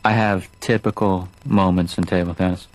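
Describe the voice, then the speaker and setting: A man voicing a curt, deadpan video store clerk in an animated sitcom. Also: low-pitched, normal speed, slight background noise, lightly acted, low-quality recording. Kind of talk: dry animated sitcom dialogue.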